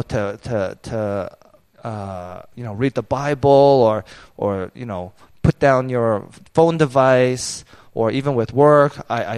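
A pastor in his thirties preaching a sermon in a candid, conversational way, telling personal stories. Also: mid-range voice.

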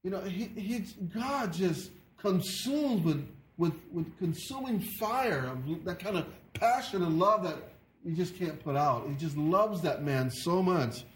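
Earnest preacher guy, kinda high voice, lots of repeats, echoey room. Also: animated. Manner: earnest, halting, with many repeated words. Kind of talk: sermon.

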